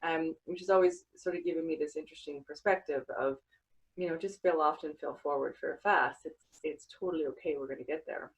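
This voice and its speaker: A woman's voice: deep voice, a little fast, husky, rough recording. A woman hosting a podcast interview, talking earnestly and reflectively with many fillers. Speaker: podcast host. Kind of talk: casual interview chat.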